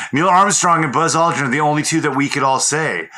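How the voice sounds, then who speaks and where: A man's voice: a little high, pushed and bright. A man co-hosting a comedy podcast in easygoing casual chat, restarting phrases and riffing on silly ideas. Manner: easygoing, halting restarts, goofy riffs.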